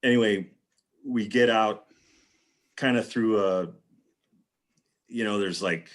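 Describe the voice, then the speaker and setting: The voice is a man's, on the low side and slow. As a panel guest on a live video call, he wanders through a casual story and acts out what others said.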